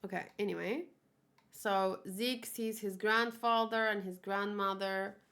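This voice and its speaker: A woman's voice: medium pitch, fairly even intonation, measured pace, fairly bright tone. A woman hosting a casual manga read-along, chatting and musing over the pages as she reads the characters' lines aloud.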